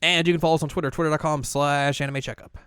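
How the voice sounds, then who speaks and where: A young man talks loosely on a podcast, clear and smooth in tone. His voice is close and dry on the mic, and he slips into goofy voices for characters' lines. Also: on the high side, flat delivery, very fast, fairly bright tone, dry recording. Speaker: podcast co-host. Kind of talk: casual chat.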